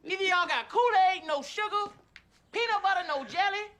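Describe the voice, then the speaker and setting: An actor playing a fast-talking young male stoner buddy who pushes his friend around with loud street slang. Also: extremely high pitch, animated, full character voice. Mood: mocking.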